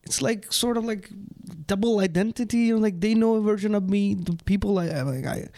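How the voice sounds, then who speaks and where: A man's voice: high voice, a little fast, mellow. A man with a South Asian English accent, talking hesitantly in casual podcast chat. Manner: hesitant, many restarts. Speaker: podcast co-host.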